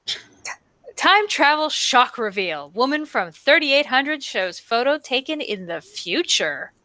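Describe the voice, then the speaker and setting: A woman co-hosting a stream, reading a news article aloud with wry, deadpan asides. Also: high voice, a little slow, dry recording.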